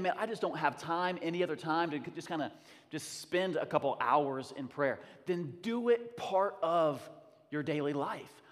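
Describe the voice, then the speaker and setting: A male pastor preaching a sermon with emphatic, energetic delivery and frequent repetitions, speaking in a church sanctuary. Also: a little high. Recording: long reverb of a large hall.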